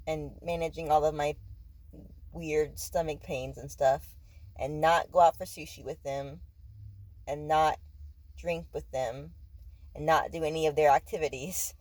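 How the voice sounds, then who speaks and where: A woman's voice: low voice, darkish tone, no echo, poor audio. A woman in her twenties, a teacher, chatting candidly in a casual vlog and sounding tired, with lots of fillers. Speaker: vlogger and teacher.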